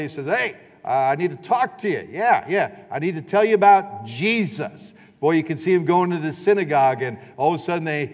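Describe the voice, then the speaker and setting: An emphatic pastor preaching to his congregation, his fairly high man's voice carrying through a church hall with a long reverb. He repeats phrases for weight and keeps calling for the congregation to answer. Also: a little mellow. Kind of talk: sermon. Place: church sanctuary.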